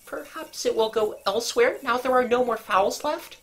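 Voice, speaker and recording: A woman's voice: on the high side, moderate pace, pitched above the performer's own voice, lightly acted. A woman voicing a nervous, secretive genteel lady who speaks in an anxious, pleading tone. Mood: uneasy.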